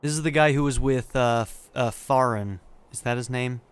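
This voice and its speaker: A man's voice: mid-range voice, clear, resonant tone, dry recording. Laid-back man thinking aloud over a game. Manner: relaxed, chatty, thinking aloud with fillers and quick laughs. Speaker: let's play gamer. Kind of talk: casual game commentary.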